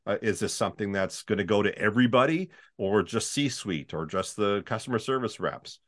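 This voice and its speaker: A Canadian man with a baritone voice, a voice-over artist chatting in an interview and slipping into demo voices. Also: normal speed. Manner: chatty, animated, demonstrates reads in put-on voices. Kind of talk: casual interview chat.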